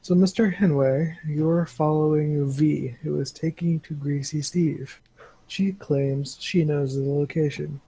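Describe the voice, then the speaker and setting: Game master, male, slow halting narrator, gravelly and husky. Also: a little high, fairly even intonation, warm tone, dry recording, low-quality recording.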